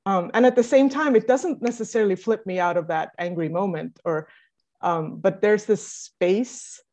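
A woman in casual conversation, telling stories in an animated way and laughing often. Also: medium pitch, normal speed. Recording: muffled lo-fi audio.

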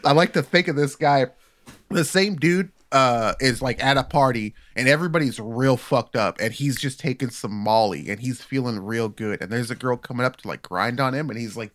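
A man's voice: medium pitch, normal speed, fairly bright tone. A man co-hosting a crude casual podcast, rambling through a story, laughing often and acting out the people he quotes. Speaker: podcast co-host. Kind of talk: crude casual comedy chat.

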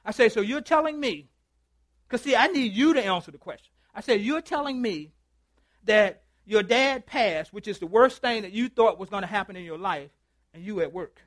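A male pastor with a high, light voice preaches in a dry, close sound with little room echo. He tells a story and plays both sides of a conversation, then drops to a hush and draws out his phrases. He calls for answers from his listeners as he goes. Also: lively intonation. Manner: storytelling, acts out both sides of a phone call; swings from loud to hushed, drawn-out phrases. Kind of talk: sermon. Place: church.

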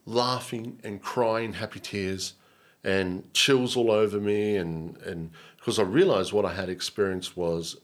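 A man with an Australian accent telling an emotional personal story as an interview guest, earnest and animated, often repeating and restarting his words. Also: lowish voice, unhurried.

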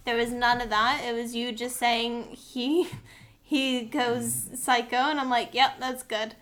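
A woman co-hosting a casual movie podcast, recapping the plot in an animated way and acting out the characters' lines. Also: a little high, slow pace. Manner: animated storyteller, acts out quotes. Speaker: podcast co-host.

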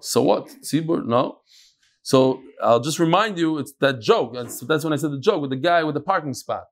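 A man's voice: fairly high pitch, lively intonation, normal speed. A man teaching an informal Gemara class, telling stories and explaining with Hebrew and Yiddish terms. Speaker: Talmud teacher.

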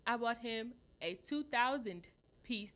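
A woman co-hosting a podcast, telling stories in loud, profane casual chat and laughing often. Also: on the high side, lively intonation, unhurried. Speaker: podcast co-host.

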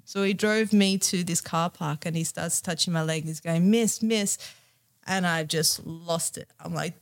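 A woman's voice: medium pitch, normal speed. A young woman from Australia telling a personal story as a podcast guest, candid and emotional, with many fillers.

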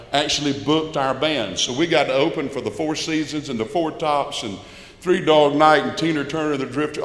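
An older man, giving a folksy, emphatic personal testimony to a church congregation. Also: medium pitch. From Albany, Georgia. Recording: echoey church hall with long reverb.

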